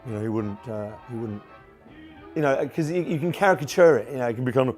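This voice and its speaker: A man in his forties talks about his stage act in a relaxed documentary interview. His voice sits at an ordinary middle pitch. He rambles a little, restarting sentences and filling gaps with ums and you knows. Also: fast talker, faint music behind. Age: 40s. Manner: chatty, many fillers and restarts. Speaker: tribute act performer.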